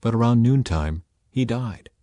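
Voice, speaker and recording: A man narrating a scripture story in a measured, deliberate reading style. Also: medium pitch, lively intonation, dark tone, dry recording.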